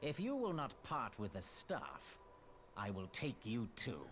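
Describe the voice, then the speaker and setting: A haughty scornful villain. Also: male voice, fairly low pitch, huge pitch swings, fairly bright tone, a little hiss or hum, full character voice. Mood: contemptuous. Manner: haughty, measured speech. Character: scornful male villain, commanding and cold. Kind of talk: game voice acting.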